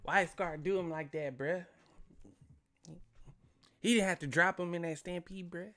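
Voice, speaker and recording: A man's voice: sits high, unhurried, sharp tone, voice pushed up. A man voicing a young adult male street dude who talks in drawling slang and keeps repeating "bruh.". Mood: indignant.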